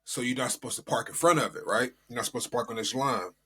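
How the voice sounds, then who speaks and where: A young man from the United States talks with an easy, mid-pitched voice, neither high nor low. He co-hosts a casual podcast chat and tells stories in a rambling way. His sentences wander and restart, padded with fillers. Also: quick pace, bright, forceful tone, slightly rough. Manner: rambling storytelling with many fillers. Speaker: podcast co-host.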